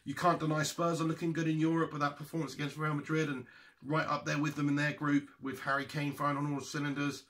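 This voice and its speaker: A young man hosting a casual football podcast, excitable, swearing and laughing often as he chats about the match. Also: a little high, fast talker. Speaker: podcast host.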